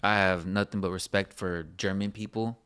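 Man, podcast co-host, lowish voice, rambling casual chat. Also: steady tone, normal speed, fairly bright tone, smooth. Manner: rambling, laughs often, says "bro".

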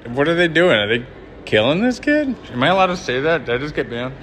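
Wandering a big hotel on a live stream filmed with a handheld phone, a man rambles and jokes chattily to his viewers. His voice is a little high and a bit bright, with big pitch swings and a slightly quick pace.

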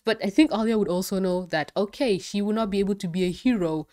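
A woman giving an excitable, casual review of a cartoon episode, swearing freely. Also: medium pitch, fast, few pauses, a little hiss or hum. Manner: excitable, swearing, laughing often. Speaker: show reviewer.

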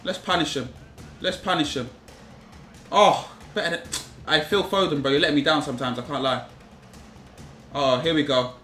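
A young man commentating live on his own football game, repeating himself and shouting in frustration at his players. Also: on the high side, moderate pace, pauses often, roomy sound, faint music behind. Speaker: gaming YouTuber.

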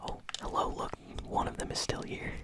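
An ASMR gaming host whispering casual, easily amused gameplay commentary while chewing bubblegum. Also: normal speed.

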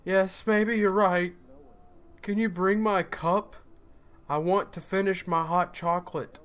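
A man's voice: sits high, steady tone, takes it slowly, a bit bright. A man doing a scared little boy. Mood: pleading. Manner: timid, pleading requests.

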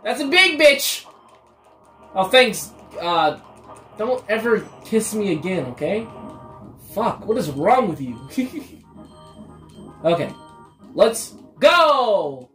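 A woman gamer giving casual, excitable commentary while playing, swearing and talking to her viewers. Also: mid-range voice, slow, long pauses. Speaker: let's play gamer. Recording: roomy echo, faint game music. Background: faint game music.

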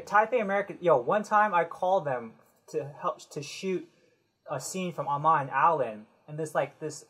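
A man co-hosts a relaxed podcast chat with a slightly husky, breathy voice. He wanders through his questions and jumps into rambling, animated stories. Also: a little high, low-quality recording. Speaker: podcast co-host. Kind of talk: casual chat.

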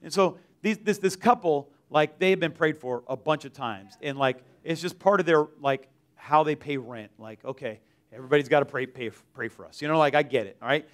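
A man tells a church testimony in a loose, conversational way. He restarts sentences and leans on filler words as he talks. His voice sits somewhat high for a man. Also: fairly quick, few pauses, fairly bright tone. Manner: rambling, filler-heavy, many "like"s and restarts. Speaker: mission trip team member giving testimony. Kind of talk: church testimony, casual storytelling. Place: church service.

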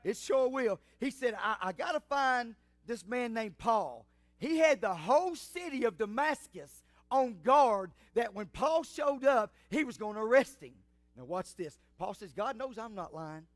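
A pastor preaching a sermon in church, building from quiet storytelling to fiery shouts. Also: male voice, very high voice, lively intonation, a little slow, no room sound.

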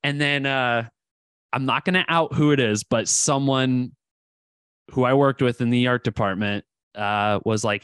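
A man's voice: mid-range voice, steady tone, unhurried, a bit bright, clear, resonant tone, no room sound. A man co-hosting a podcast, telling stories loosely with lots of fillers and swearing. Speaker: podcast co-host. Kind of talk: casual podcast chat.

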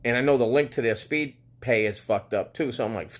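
A man's voice: medium pitch, fairly quick. A man with a Boston accent telling a storytime rant on video, exasperated, sarcastic and swearing constantly. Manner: exasperated, heavily profane, sarcastic. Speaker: vlogger. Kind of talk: ranting storytime monologue.

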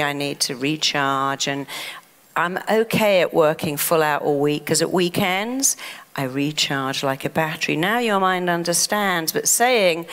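English female therapist, motivational speaker, low-ish voice, animated asides, hall echo. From England. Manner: animated, acts out the mind talking back. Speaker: therapist and self-help speaker. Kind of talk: motivational talk.

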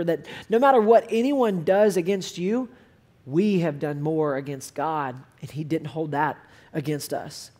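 A man's voice: high voice, a little mellow. Man, pastor, sermon, conversational storytelling, personal and direct. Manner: conversational, storytelling preaching with rising intensity.

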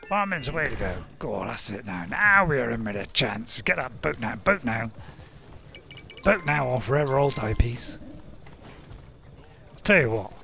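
A British gaming video host gives casual, jokey commentary on his own gameplay, talking to himself and cheering on his units. His mid-range voice is sing-song, creaky, bright and forceful, at a moderate pace with long pauses. Game music plays behind him.

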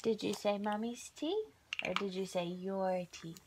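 A woman's voice: medium pitch, unhurried, background noise. A woman filming a small child at home, coaxing her in a sing-song voice. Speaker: family member filming a toddler.

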